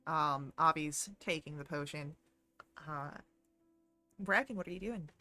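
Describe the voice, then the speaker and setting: A woman running a tabletop game as game master, talking in a relaxed way with many fillers. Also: low-pitched, a little slow, soft background music.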